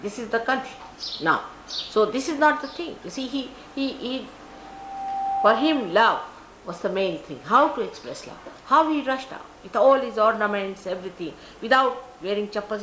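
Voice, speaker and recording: A woman's voice: fairly high pitch, lively intonation, moderate pace, a bit bright, a little hiss or hum. An older woman from India with an Indian English accent, giving a spiritual talk and telling stories in which she acts out the people she quotes. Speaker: spiritual teacher. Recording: roomy archival live recording.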